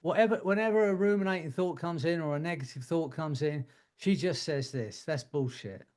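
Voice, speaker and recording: Man, fairly high voice, casual coaching, joking and laughing, group video call. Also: brisk. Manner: warm joking advice, laughs often.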